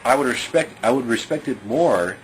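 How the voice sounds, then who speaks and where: A man's voice: mid-range voice, animated, normal speed, slight background noise, poor audio. A man giving loose, rambling spoken commentary, leaning on fillers and chuckling now and then. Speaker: video commentator.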